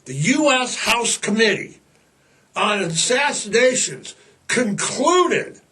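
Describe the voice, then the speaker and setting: A man's voice: sits high, big pitch swings, pushed and bright, distant mic. Sarcastic older man rambling on a podcast. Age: 60s. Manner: sarcastic, jokey, drawn-out emphasis. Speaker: podcast host. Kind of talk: rambling casual monologue.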